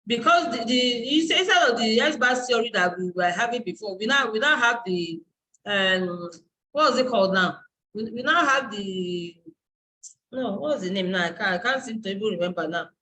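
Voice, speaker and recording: A woman's voice: on the high side, moderate pace, sharp tone, poor audio. A woman university lecturer and dean giving a live online class, explaining step by step and searching aloud for terms.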